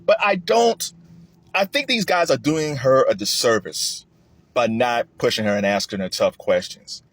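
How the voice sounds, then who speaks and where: A man giving a casual political commentary monologue, animated and often restarting his sentences. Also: a little slow. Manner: animated, rising high when emphatic, with frequent restarts. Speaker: commentary vlogger.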